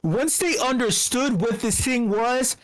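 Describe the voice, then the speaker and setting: A woman's voice: fairly high pitch, measured pace, rough recording. A woman giving a heated, profane rant in an online voice channel, blunt and repeating herself when she gets going. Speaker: speaker at a community meetup.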